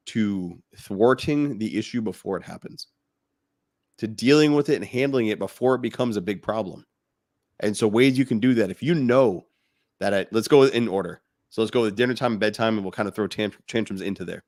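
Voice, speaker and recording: A fatherhood podcast co-host talks in a fairly low male voice, recorded with clean studio sound and no echo. He's blunt and lively in casual conversation, cracking jokes through mocking impressions of what others say.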